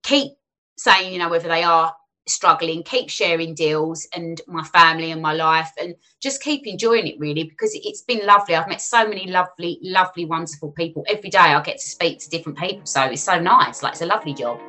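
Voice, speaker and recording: A woman's voice: fairly low pitch, a little fast, bright, forceful tone. A woman, chatting frankly and animatedly as an interview guest about her work online. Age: 40s. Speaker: finance influencer guest. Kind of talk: casual interview chat.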